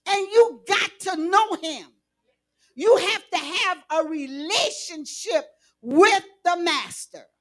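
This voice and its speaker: Woman preacher, very high voice, slow unhurried delivery, sermon. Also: lively intonation. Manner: preaching, rising to shouts.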